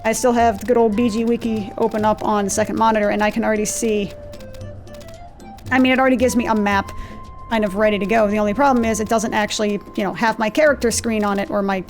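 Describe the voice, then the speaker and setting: A woman's voice: mid-range voice, fairly even intonation, brisk. A woman hosting a let's play, chatting casually and self-deprecatingly while she plays, easily sidetracked, recorded on a desk mic. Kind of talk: casual gameplay commentary. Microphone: desk mic with gain turned down in software. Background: faint game music and clicky mechanical keyboard.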